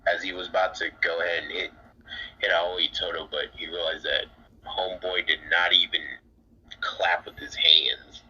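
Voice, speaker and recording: Deep-voiced rambling young man, lo-fi. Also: level tone, sharp tone, husky. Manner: rambling, halting, mumbly. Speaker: co-host. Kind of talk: casual fan recap. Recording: dull lo-fi mic with faint hiss.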